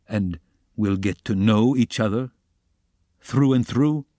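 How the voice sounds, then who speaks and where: A man's voice: deep voice, animated, moderate pace, a little mellow, breathy edge, no echo, studio quality, full character voice. A man reading the part of a tense, sardonic young student in an audiobook, guarded and cool. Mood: sarcastic.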